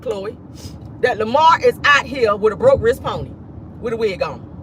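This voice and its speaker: A man's voice: high-pitched, very animated, normal speed, fairly bright tone, a little hiss or hum. A man hosting a casual celebrity gossip show, sassy and profane, laughing often and calling his viewers "y'all" and "honey".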